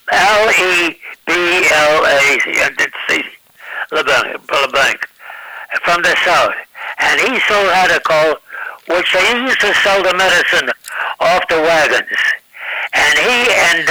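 Man, comedian guest, stammering, repeats words, bright, high-pitched. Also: dry recording, poor audio. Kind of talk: casual radio interview.

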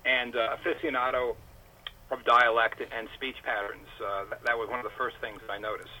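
A man's voice: medium pitch, flat delivery, fairly quick, sharp tone. A man calling in to a radio show, wordy and teasing in a chatty, dry way. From New York. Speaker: caller. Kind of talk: radio call-in chat. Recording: phone line with faint noise.

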